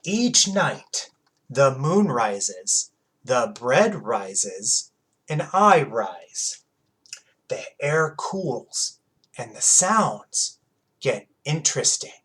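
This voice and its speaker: A streetwise cat detective prowls through the tale in a slow, dramatic storybook telling, low and drawn out at the key moments, as a man reads him aloud. The voice sits at a middle pitch and takes its time. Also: very animated, fairly bright tone, exaggerated voice, rough recording. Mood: suspenseful.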